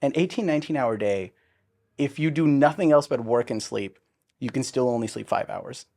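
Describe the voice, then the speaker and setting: A man's voice: medium pitch, normal speed, vocal fry, mellow. A man hosting an interview, asking questions in a curious, casual way and affirming often with "yeah". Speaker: interview host.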